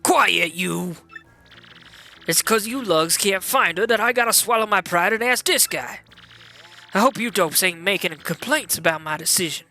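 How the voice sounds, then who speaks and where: A man putting on a gruff older mob boss with a thick New York gangster accent, bossy and clipped. The voice has a bright, sharp edge over a faint bed of music. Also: high-pitched, normal speed, heavily acted. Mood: commanding. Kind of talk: video game dialogue read-along.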